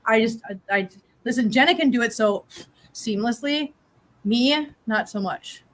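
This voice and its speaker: A woman's voice: unhurried, fairly bright tone. Chatty woman host cooing at her cats. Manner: chatty, laughs often, coos to her cats in a high voice. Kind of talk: casual live-stream chat.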